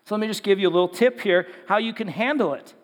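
A youth pastor with a high-pitched voice talks fast, preaching a casual, story-driven sermon to young people. He tells it conversationally and acts out the voices of those he quotes, with long hall reverb on the recording.

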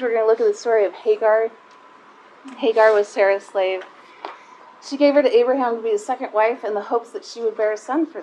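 A woman's voice: a little high, darkish tone, slight background noise, poor audio. A middle-aged woman giving a heartfelt, conversational personal talk to a live group of mothers, close to tears at times.

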